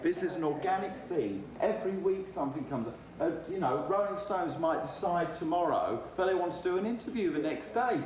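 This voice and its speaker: A man's voice: high voice, lively intonation, brisk, hardly any pauses, a little mellow. A man explaining firmly in a casual argument, sounding exasperated. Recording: echoey room from far off, noisy.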